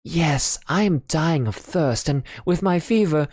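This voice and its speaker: A man's voice: a little high, lively intonation, a little slow, darkish tone, dry recording, studio quality, pitched above the performer's own voice. A man doing a feverish, faltering sick man. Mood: weak pleading. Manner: faltering, hesitant with fillers. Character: feverish injured man, weak and pleading.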